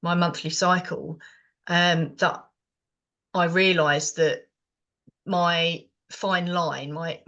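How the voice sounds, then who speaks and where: A woman's voice: lowish voice, steady tone, extremely slow, pauses often, fairly bright tone, dull audio. Middle-aged British woman, rambling podcast co-host, lots of ums and restarts. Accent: British English. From Britain. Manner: rambling, many fillers and restarts. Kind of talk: casual chat.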